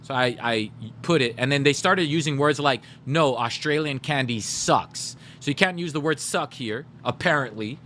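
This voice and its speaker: A man's voice: mid-range voice, a little fast, few pauses, sharp tone, a little hiss or hum. A man streaming live, chatting casually with his viewers and telling stories straight to chat. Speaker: gaming livestreamer.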